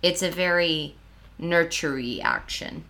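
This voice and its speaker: A woman's voice: fairly low pitch, measured pace, bright, forceful tone. A woman co-hosting a casual book-discussion podcast, speaking in a dry, decisive and teasing way. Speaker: podcast co-host.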